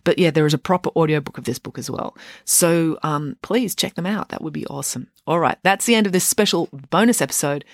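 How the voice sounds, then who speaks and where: An author giving an expressive reading of their own book in a home office, then signing off casually. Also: mid-range voice, a little fast, few pauses, dry recording, clean studio sound. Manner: expressive reading, chatty sign-off. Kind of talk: audiobook-style reading. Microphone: home setup.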